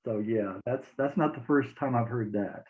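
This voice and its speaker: A man's voice: medium pitch, normal speed. A man interviewing a songwriter in a casual chat, encouraging him and laughing often. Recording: tinny phone-line audio.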